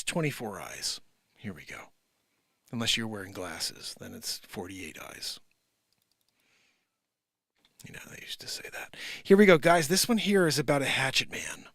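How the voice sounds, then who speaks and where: A man's voice: mid-range voice, big pitch swings, measured pace, no room sound. A man hosting a comedy news show, rambling animatedly and laughing at his own bits. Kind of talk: casual comedic commentary.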